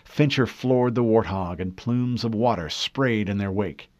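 Low-voiced male audiobook narrator. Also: darkish tone, dry recording, clean studio sound. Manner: measured, dramatic storytelling. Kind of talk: scripted narration.

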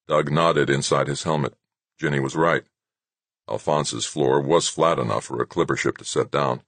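A man narrating an audiobook in a measured, steady way. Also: extremely low pitch, no room sound.

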